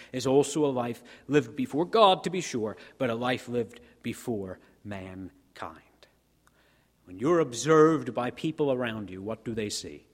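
A man preaching a sermon, asking rhetorical questions and swinging between soft and emphatic delivery. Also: medium pitch. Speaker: pastor. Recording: long reverb of a church hall.

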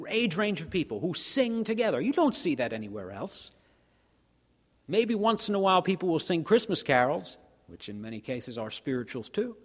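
A man preaching a sermon, asking rhetorical questions and swinging between soft and emphatic delivery. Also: on the high side. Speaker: pastor. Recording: long reverb of a church hall.

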